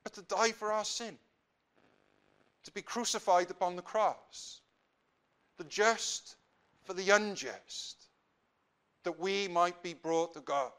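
A man preaching a sermon, swinging between loud emphatic stresses and quiet earnest appeals, slowing down on key phrases. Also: high-pitched, clean tone.

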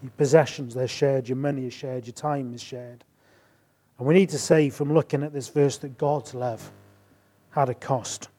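Mellow-voiced man preaching a sermon. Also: mid-range voice, steady tone, normal speed. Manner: rises to emphatic bursts then drops to quiet asides.

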